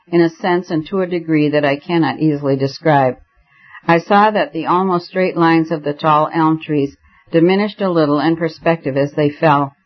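A man reading a novel aloud in first person, with a measured storytelling delivery, in a slightly muffled recording. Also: on the high side. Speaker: audiobook reader.

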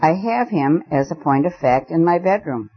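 A man reading the lines of a calm, eccentric gentleman who speaks with emphasis and deliberation, on a dull lo-fi recording. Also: a little high, moderate pace.

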